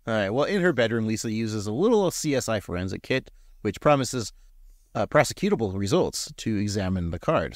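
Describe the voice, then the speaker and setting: A man's voice: fairly low pitch, no echo, studio quality. A man co-hosting a podcast, recapping an episode with teasing, sarcastic banter. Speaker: podcast co-host. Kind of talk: casual chat and episode recap.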